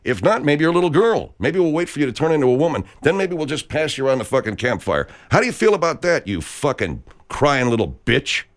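A man's voice: on the high side, very animated, fast talker, few pauses. A man delivering an angry, profane rant full of sarcastic jabs and constant swearing.

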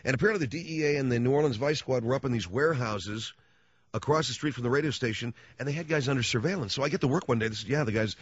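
A middle-aged man hosts a radio show, rambling through stories in slangy, casual talk and often slipping into voices. His mid-range voice comes fast and slightly rough, with no echo. The recording sounds dull, lo-fi and dry, like radio.

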